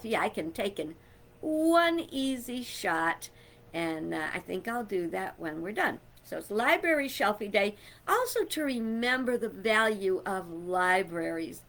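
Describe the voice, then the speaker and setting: A middle-aged woman talks to her viewers in a loud, rambling, friendly chat. Her tone is bright and ringing, and she takes her time, unhurried and drawn out. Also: mid-range voice. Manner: chatty, loud, rambling with fillers and laughs. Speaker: vlogger. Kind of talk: casual chat to camera.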